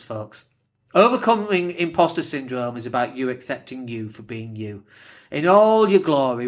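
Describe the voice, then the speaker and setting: A man's voice: on the high side, a bit bright. A man with a northern English accent and a slight lisp, hosting a casual solo podcast, blunt and swearing freely. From northern England. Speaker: podcast host.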